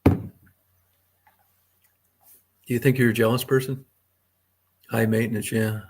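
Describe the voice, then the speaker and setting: A man's voice: medium pitch, flat delivery, takes it slowly, a little mellow, breathy edge. Middle-aged man, livestream host, casual chat, crude, rambling, heavy swearing. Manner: talks to chat viewers by name.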